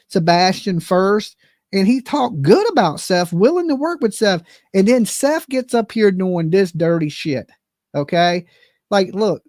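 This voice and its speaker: Profane, high-voiced man ranting. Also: no echo, studio quality. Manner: profane, blunt, talks straight to viewers. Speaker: livestream commentary host. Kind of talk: ranting live commentary.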